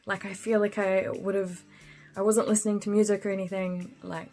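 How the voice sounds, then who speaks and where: A woman's voice: mid-range voice, little pitch movement, normal speed, mellow, faint music behind. A woman telling a spooky story in casual chat while doing her makeup, laughing often and using lots of fillers. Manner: chatty, laughs often, full of fillers and slang. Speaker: beauty vlogger.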